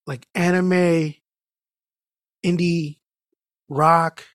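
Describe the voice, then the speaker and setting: Recorded dry and up close, this podcast host has a somewhat high-pitched voice and draws his words out. His loose, profane storytelling wanders, full of restarts, with "dude" sprinkled through nearly everything he says in this casual chat.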